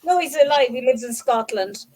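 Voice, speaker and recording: A woman's voice: sits high, animated, moderate pace, crowd noise, poor audio. A woman chatting eagerly as a panelist on a talk show. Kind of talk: casual panel chat.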